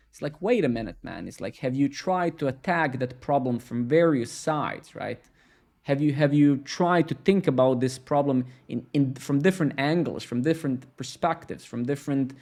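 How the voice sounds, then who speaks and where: A young man ranting casually on a live coding stream. He swears freely, fills his talk with "like" and "right?", and acts out his own teenage self. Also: on the high side. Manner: swearing, filler-heavy, keeps asking "right?"; animated, acts out his teen self mockingly.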